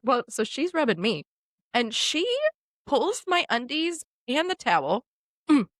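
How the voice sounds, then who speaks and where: A woman co-hosting a podcast, telling a funny story in a casual, animated way and often laughing. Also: high-pitched, unhurried, dry recording, studio quality. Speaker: podcast co-host.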